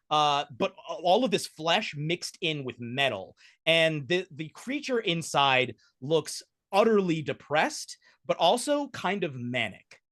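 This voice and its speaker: A man acting as game master narrates a tabletop game, rambling along with lots of fillers and restarts. His voice is a little high and fairly bright, recorded dry with clean studio sound.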